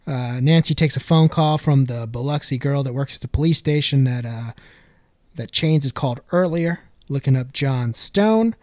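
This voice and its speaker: Man, casual movie recap podcast, laid-back jokey narration, middle pitch, dry close sound. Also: normal speed, a little mellow, no room sound. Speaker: podcast host.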